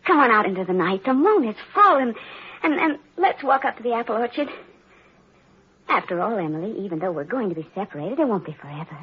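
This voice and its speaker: An actress playing a sweet, excitable young woman in an old radio drama, girlish and breathless. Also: fairly high pitch, fast talker, husky, full character voice. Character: sweet excitable young fiancée Daisy, easily frightened. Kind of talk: 1940s radio acting. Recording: dull old radio broadcast.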